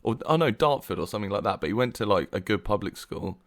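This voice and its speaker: Male co-host, lower voice, chatty and giggly podcast banter. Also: expressive, fast. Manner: chatty, laughs a lot, hedging. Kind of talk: casual film podcast chat.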